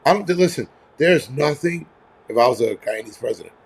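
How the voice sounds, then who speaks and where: A man's voice: medium pitch, expressive, a little fast, creaky, breathy edge. A man hosting a casual livestream, ranting bluntly with a lot of swearing and rambling asides. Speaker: livestream host. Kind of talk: casual angry livestream rant. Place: home near a terrace.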